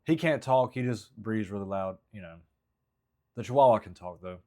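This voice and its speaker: A man's voice: fairly low pitch, mellow. Man rambling through his stand-up drafts. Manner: halting, rambling, self-critical, frequent restarts. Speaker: stand-up comedian. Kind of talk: casual vlog, working through stand-up material.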